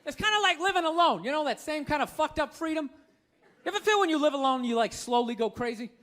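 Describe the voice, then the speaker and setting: A man's voice: very high-pitched, animated, quick pace, bright, forceful tone, a little hiss or hum. A man doing stand-up comedy, ranting in a profane, incredulous way. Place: stage before a live audience.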